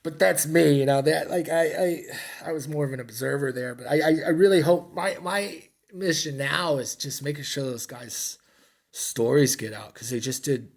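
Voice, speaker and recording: A man's voice: a little high, moderate pace, gravelly. A middle-aged American man, a military veteran, telling war stories in a rambling, blunt, profane and self-mocking way. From United States. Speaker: podcast guest, military veteran. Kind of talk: casual interview storytelling.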